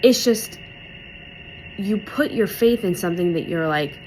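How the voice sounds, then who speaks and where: A woman's voice: lowish voice, lively intonation, normal speed, a little hiss or hum, rough recording. A young woman giving a casual, heartfelt devotional talk, emotional and close to tears, chatting with many "like"s. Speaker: speaker in a church devotional video series.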